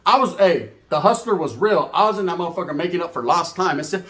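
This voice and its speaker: A man's voice: fairly high pitch, fast, a bit bright, reverberant. A man telling a profane comic story in a rambling, casual way, switching into voices for the people in it.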